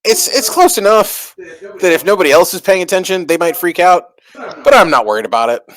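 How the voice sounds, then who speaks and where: Laid-back tabletop player, lively pitch. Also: fairly quick. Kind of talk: casual tabletop play.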